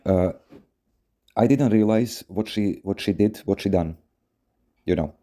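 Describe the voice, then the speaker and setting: Low, dark-voiced man rambling with fillers. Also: measured pace. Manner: rambling, many fillers, frequent swearing. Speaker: podcast host. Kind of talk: casual storytelling advice podcast.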